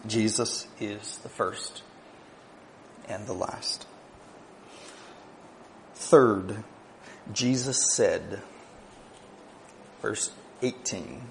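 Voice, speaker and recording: A gravelly-voiced man preaches, alternating between quiet, low asides and raised, emphatic declarations, tossing in conversational "right?" remarks, with slight noise in the background.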